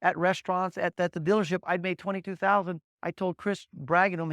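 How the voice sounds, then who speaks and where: Man, high voice, motivational sales trainer, energetic storyteller, dry close sound. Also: fast talker, hardly any pauses, dry recording. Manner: energetic storyteller, drills points with repeated "guess what" and "okay?"; blunt, punchy coaching delivery. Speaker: agency leader training new agents.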